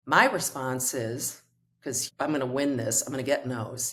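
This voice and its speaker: A woman's voice: extremely low pitch, unhurried, a bit bright. A middle-aged woman, a coach and author, telling a personal story in conversation and acting out the quoted dialogue.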